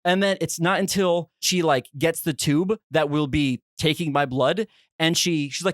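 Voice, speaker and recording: A young man co-hosting a podcast, telling a story in a casual, animated way and acting out his own reactions. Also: moderate pace, no echo, clean studio sound. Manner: animated, re-enacts his own reactions with big pitch jumps. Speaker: podcast co-host.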